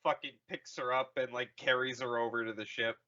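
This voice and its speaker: A man's voice: mid-range voice, fairly even intonation, brisk, pushed and bright, highs cut off. A man co-hosting a casual comedy podcast, rambling through a movie retelling and slipping into goofy voices for the characters.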